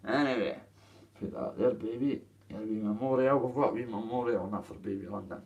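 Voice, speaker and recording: A man's voice: medium pitch, brisk, a little mellow, distant mic, low-quality recording. A young Scottish man talking to viewers in a rambling, emotional livestream chat, swearing freely. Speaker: streamer addressing viewers.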